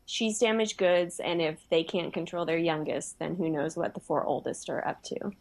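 A woman with a somewhat low voice chats casually, laying out her reading of a story. She explains her points in a matter-of-fact manner, with the odd filler. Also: normal speed. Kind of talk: casual chat.

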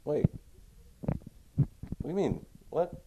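A man's voice: on the high side, lively intonation, takes it slowly, phone-quality sound, heavy background noise. A man in casual chat, laid-back, arguing a point and then giving in.

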